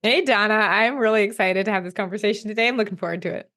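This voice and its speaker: A woman's voice: mid-range voice, fast talker, bright, forceful tone. A woman guesting on a podcast as a health consultant, speaking in an upbeat, friendly way and explaining plainly. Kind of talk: casual podcast interview.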